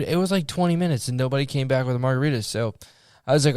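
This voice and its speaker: A man's voice: mid-range voice, very fast, clear, resonant tone, no echo, clean studio sound. A young man co-hosting a podcast, telling profane stories in casual chat and acting out the people in them. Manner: profane, storytelling, acts out quoted people. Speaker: podcast co-host.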